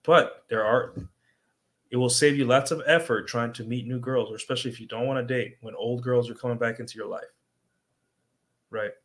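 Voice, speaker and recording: A man's voice: medium pitch, steady tone, moderate pace, pauses often. A young adult man on a livestream, talking casually as a dating coach and tagging his points with "right?". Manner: conversational, repeats "right?" as a tag.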